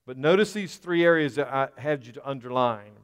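A man's voice: medium pitch, a little fast, clean tone. A man preaching a sermon as pastor to his congregation, building into fervent emphasis. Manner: preaching to a congregation, rising into fervor. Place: church sanctuary. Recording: long reverb of a large hall.

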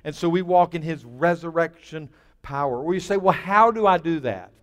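A male pastor preaching a sermon, building to emphatic bursts and then dropping low and quiet. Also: moderate pace, big-room sound. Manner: emphatic, with rising bursts and dropping to a near hush.

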